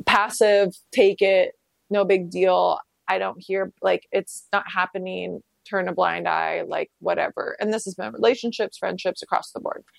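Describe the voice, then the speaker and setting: A woman's voice: gravelly, no room sound. Woman podcast host, casual solo monologue, candid and reflective, swears freely, dry close sound. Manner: animated, pitch leaping up when emphatic.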